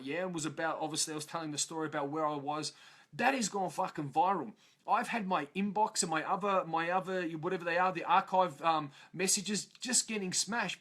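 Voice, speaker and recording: A man's voice: high voice, a bit bright. A man speaking on a live stream in a room of his parents' house, bluntly motivating listeners, swearing freely and acting out other people's complaints.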